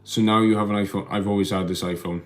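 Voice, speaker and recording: At home on a casual live stream, a man talks into his phone and reads his chat, answering it while rambling, stumbling and repeating words. His voice sits a bit low and steady in tone, and his pace is quick.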